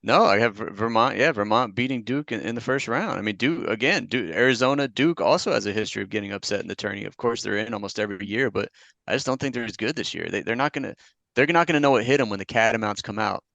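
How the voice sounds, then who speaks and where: A man's voice: on the low side, fast, vocal fry, fairly bright tone, no room sound. A man co-hosting a podcast, talking in a laid-back, plainspoken way in casual sports banter. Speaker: podcast co-host. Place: Long Beach.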